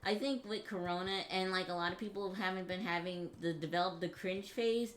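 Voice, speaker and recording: A woman's voice: lowish voice, steady tone, a little fast, a bit bright, slight background noise. A young woman co-hosting a stream in casual chat, musing aloud with many filler words.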